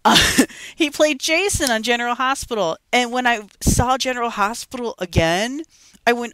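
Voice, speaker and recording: Bright-voiced chatty young woman. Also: on the high side, moderate pace, no room sound. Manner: chatty, giggly, animated storytelling. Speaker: podcast co-host. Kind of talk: casual gaming chat.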